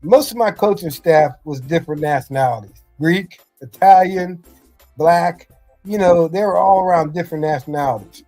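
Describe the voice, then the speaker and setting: A man's voice: on the high side, moderate pace, mellow, faint music behind. A middle-aged man, a former football coach, telling rambling family anecdotes in casual podcast chat, often saying "you know".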